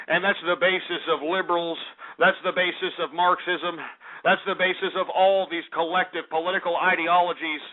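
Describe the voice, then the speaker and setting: A man hosting a call-in radio show, ranting angrily and swearing constantly. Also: on the high side. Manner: profane, heated ranting. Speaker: radio talk show host. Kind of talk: angry call-in radio rant. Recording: tinny phone-like audio.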